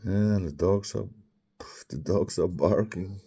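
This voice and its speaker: A man's voice: low-pitched, slow pace, warm tone, slightly rough. A man in his fifties with a sore throat, rambling in a meandering personal monologue that drifts into mutters and whispers. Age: 50s. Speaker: vlogger.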